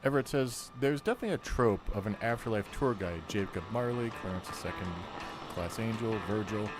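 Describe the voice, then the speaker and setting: A man co-hosting a casual game stream, cutting in with quick jokes. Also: on the low side. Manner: joking, quick interjections. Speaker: podcast co-host playing a game. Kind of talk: casual let's-play chat. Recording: game music behind.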